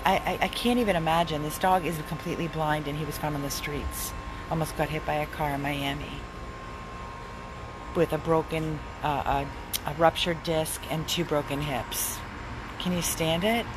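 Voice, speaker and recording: At home at night, a dog rescuer films one-handed on her phone, cooing sing-song baby talk to her dogs and chatting casually to viewers. Her voice is low-pitched, with a noisy background.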